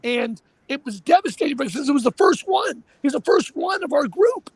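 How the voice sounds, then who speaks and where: A man hosting a casual talk show, animated and emphatic, often repeating himself. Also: very high voice, a little fast, gravelly, no room sound. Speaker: show host.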